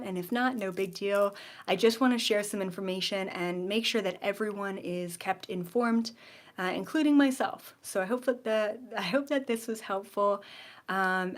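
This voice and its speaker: A woman with a Canadian accent hosting her own vlog, chatting casually to viewers with frequent ums and a relaxed, confiding tone. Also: mid-range voice. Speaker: channel host. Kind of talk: casual direct-to-camera vlog.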